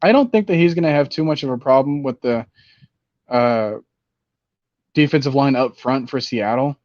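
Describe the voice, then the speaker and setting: A man's voice: mid-range voice, moderate pace, no echo. Male sports podcaster: casual, rambling, muffled dry home mic. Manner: rambling, animated, with many fillers. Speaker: fantasy football podcast host.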